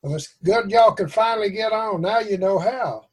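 A man from Tennessee with a Southern accent hosts an online prayer group over a video call, chatting casually in a folksy, joking manner. His voice is high-pitched, at normal speed, and slightly rough, and the recording is low quality.

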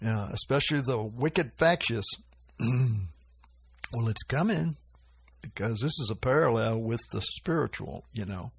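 A man preaching informally about prophetic dreams, with frequent chuckles and a slow, drawling delivery. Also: mid-range voice, lively intonation, gravelly, husky. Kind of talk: informal religious teaching.

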